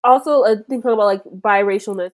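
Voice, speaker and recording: Laughing woman guest on a book podcast, mid pitch, lively. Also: fast. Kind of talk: casual book-club chat.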